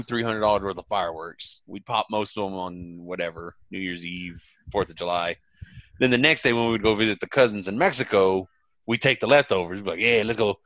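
A man from Texas, telling a childhood story in a relaxed, low-key way. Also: no room sound, poor audio. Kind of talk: casual storytelling.

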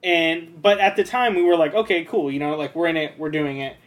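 A man's voice: a little high, steady tone, fairly quick. A man co-hosting an anime podcast in casual chat, easygoing and rambling, with slangy asides. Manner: easygoing, rambling, slangy, says "you know what I mean". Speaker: podcast co-host.

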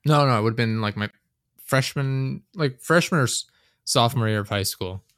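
A man's voice: medium pitch, normal speed, a bit bright, no room sound, studio quality. A young man chatting casually as a podcast host, telling long rambling stories, swearing a lot and laughing often. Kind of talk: casual chat.

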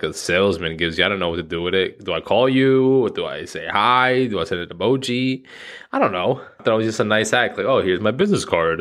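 Casual podcast host around thirty, lowish male voice, loose and rambling, swears a lot, jokes at his own expense. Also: a bit bright. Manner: rambling, profane, self-mocking, laughs at himself. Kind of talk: casual solo podcast monologue.

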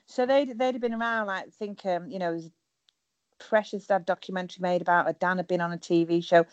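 A woman's voice: on the low side, steady tone, a little fast, no echo, muffled recording. A middle-aged woman chatting as a guest over a call, blunt and humorous, swearing freely. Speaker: guest, former reality show contestant. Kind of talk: casual chat over a call.

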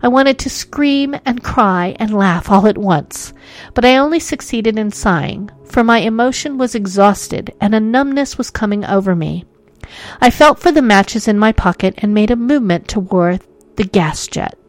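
A woman's voice: medium pitch, lively intonation, normal speed. A woman reading a ghost story aloud as narrator, with dramatic, suspenseful delivery.

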